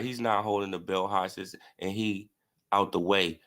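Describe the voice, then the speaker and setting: A man's voice: sits low, steady tone, moderate pace, pushed and bright. A man hosting a casual boxing commentary stream, talking in a mocking, profane way, laughing often and answering his chat. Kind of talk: casual livestream sports commentary.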